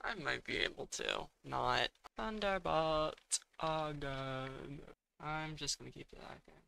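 Slow, gravelly young man muttering over a match. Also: a little high, bright, forceful tone, slight background noise. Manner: thinks aloud, mutters, exasperated outbursts. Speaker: gaming streamer. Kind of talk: casual gameplay commentary.

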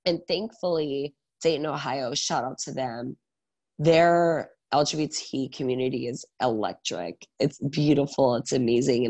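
A man in his thirties, a guest on an interview podcast, telling his story in an energetic, animated way with lots of filler words. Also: mid-range voice. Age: 30s. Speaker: guest, salon owner and educator.

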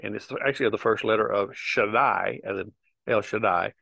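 The voice is on the low side, creaky, pushed and bright, recorded dry. Teaching the Bible informally, the man unpacks Hebrew words slowly and in a rambling, conversational way, often restarting and using fillers.

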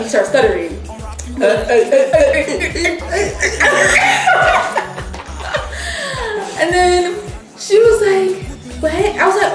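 High, animated young woman telling a story. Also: takes it slowly, echoey room, music in the background. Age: young adult. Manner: animated, laughing, acts out the people she quotes. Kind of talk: casual storytelling chat.

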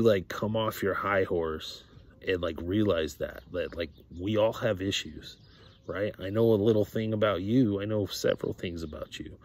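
A man's voice: lowish voice, darkish tone. A man talking casually to camera about faith, rambling with many fillers and repeated words. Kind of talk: casual religious monologue to camera.

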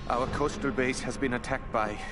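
An actor playing an enemy soldier in a video game, reading a formal military report in a German accent. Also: male voice, mid-range voice, fairly even intonation, normal speed, natural voice. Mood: stiff report. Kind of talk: game radio message. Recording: game audio with loud music.

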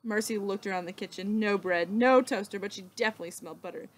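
A woman teacher reading a children's book aloud, slow and expressive with dramatic pauses. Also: mid-range voice.

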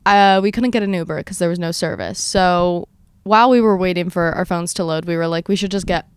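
A woman in her twenties hosting a podcast, telling a story in casual chat with lively, dramatic retellings of her own quotes. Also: on the low side, fairly quick, clear, resonant tone, no echo. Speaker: podcast host.

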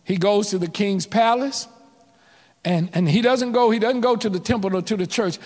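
Reverb from the church sanctuary surrounds a pastor whose voice sits high and a little mellow, moving at normal speed. His sermon calls out to the congregation in call-and-response, swelling and falling in waves.

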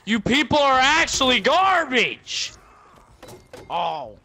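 Excitable young guy, cracking voice. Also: very high voice, slow. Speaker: gamer recording a multiplayer match. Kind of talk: casual gaming chat.

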